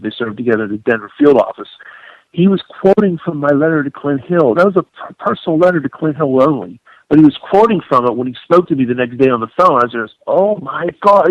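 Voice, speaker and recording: A man with a mid-range voice talks as an author on a radio interview, emphatic and indignant. He tells his story in an animated way. The sound is dull, lo-fi and dry, as on an old broadcast. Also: mid-range voice, dry recording.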